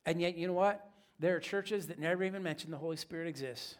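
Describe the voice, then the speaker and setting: A man's voice: on the high side, fast talker. A man preaching a sermon as pastor, in a casual, joking, conversational way.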